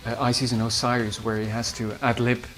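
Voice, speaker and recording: A man with a Dutch accent, a musician recalling studio sessions in a halting way with many fillers. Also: mid-range voice, little pitch movement, fairly bright tone, faint music behind. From Netherlands. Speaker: musician and producer. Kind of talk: behind-the-scenes recollection.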